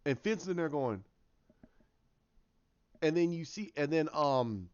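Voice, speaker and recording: A man's voice: fairly high pitch, expressive, takes it slowly, a little mellow, clear, resonant tone, dull audio. Rambling man retelling a story. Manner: rambling, with many restarts and acted-out quotes. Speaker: fan commentator. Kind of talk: casual storytelling monologue.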